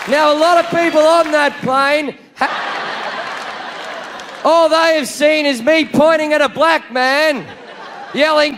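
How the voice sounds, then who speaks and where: An Australian man doing stand-up, telling a crude, swearing story with bursts of shouting, recorded live over crowd noise. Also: extremely high pitch, slow pace, gravelly. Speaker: comedian. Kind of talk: stand-up comedy.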